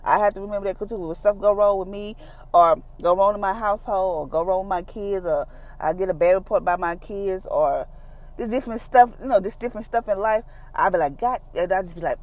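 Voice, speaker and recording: A woman hosting a devotional podcast, talking about faith in a relaxed, conversational, folksy way. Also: mid-range voice, a little fast, low-quality recording. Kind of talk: casual devotional talk.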